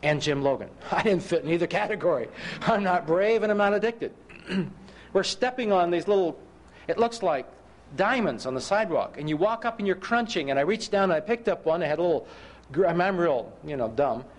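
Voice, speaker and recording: High-voiced preacher telling stories. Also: male voice, animated, fairly quick. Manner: self-mocking humor, rhetorical questions to listeners. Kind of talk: sermon with personal stories.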